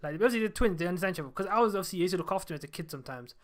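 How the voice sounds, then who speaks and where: A man hosts a relaxed podcast chat. He talks quickly in casual slang, restarting his sentences as he goes. His voice sits a touch high for a man. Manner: rapid, slangy, self-interrupting. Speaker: podcast host.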